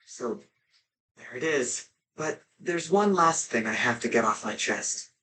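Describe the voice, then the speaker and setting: An actor voicing a kind, composed young male hero in a video game, speaking softly and sincerely. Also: mid-range voice, expressive, unhurried, background noise, lightly acted.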